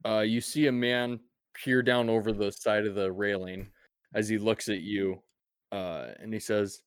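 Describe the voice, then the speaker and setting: Brief: man, low voice, casual profane game master narration, dry recording. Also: steady tone, measured pace, clean tone, no echo. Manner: laid-back, profane, with many fillers.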